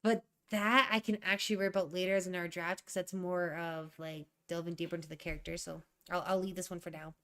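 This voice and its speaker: A woman's voice: on the low side, level tone, quick pace, few pauses, fairly bright tone. A young woman thinking aloud while she edits a draft, rereading her sentences and ranting in asides. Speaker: writer streaming a writing session.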